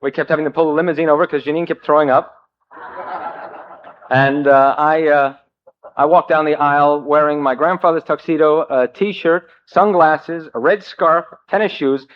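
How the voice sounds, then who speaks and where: A man shares his recovery story with a group in a wry, self-mocking way, pausing often on fillers. His voice sits a bit high for a man. The recording is a dull, muffled old cassette. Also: steady tone. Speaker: speaker at a recovery meeting.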